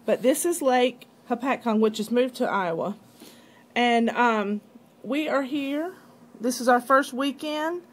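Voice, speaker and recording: A woman's voice: on the high side, measured pace. A woman co-hosting a casual vlog, chiming in and finishing her partner's sentences, recorded on a phone at home. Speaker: vlog co-host. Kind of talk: casual chat. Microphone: phone camera.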